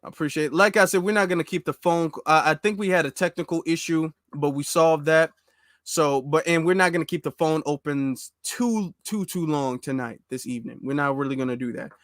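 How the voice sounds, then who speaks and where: A man hosting a live call-in talk show, speaking in a relaxed, conversational and supportive way. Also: fairly high pitch, brisk, no room sound, studio quality.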